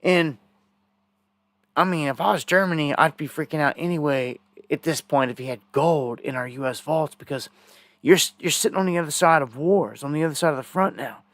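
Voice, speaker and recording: A man's voice: a little high, a little fast, fairly bright tone, dry recording. Indignant man ranting on a live stream. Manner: rambling, indignant, conspiratorial. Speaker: live news commentator.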